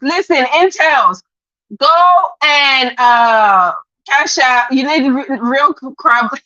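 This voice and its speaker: A woman's voice: high voice, sharp tone, dry recording, dull audio. A woman hosting a live stream, chatting casually, greeting viewers by name and laughing often. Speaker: livestream gossip host.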